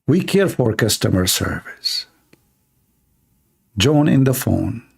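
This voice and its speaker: Sarcastic guy ranting on his stream, gravelly, mid pitch, mocking broken english. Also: very animated, takes it slowly. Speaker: livestream host. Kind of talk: livestream debate commentary.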